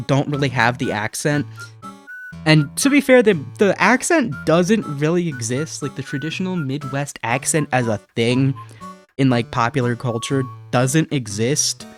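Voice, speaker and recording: A man in his twenties from Ohio with a subtle Ohio accent, rambling and swearing freely in casual chat as a streamer playing a game. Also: fairly high pitch. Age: 20s. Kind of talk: casual chat while gaming.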